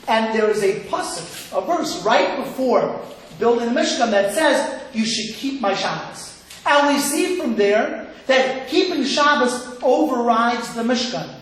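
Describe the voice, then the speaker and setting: Animated rabbi preaching in an echoey room. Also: male voice, extremely high pitch, measured pace. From Cleveland, Ohio. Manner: animated storytelling, acting out quoted voices. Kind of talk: sermon.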